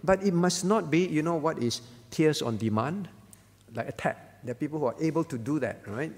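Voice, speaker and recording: Gravelly pastor in a reverberant hall. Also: male voice, a little high, animated, normal speed. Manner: conversational preaching, often checks in with "all right?". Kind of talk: sermon at a livestreamed prayer meeting. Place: church hall.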